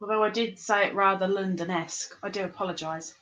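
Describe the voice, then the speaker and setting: A woman hosting a live-streamed trivia game, chatty and playful, reading the questions out slowly. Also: medium pitch, fairly even intonation, fairly bright tone, rough recording. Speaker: livestream quiz host.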